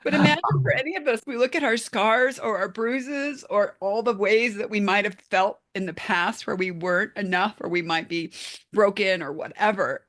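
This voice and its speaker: A woman with a mid-range voice coaches a group on a video call. She speaks in an effusive, encouraging way, piling up warm phrases. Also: medium pitch. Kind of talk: casual group coaching talk.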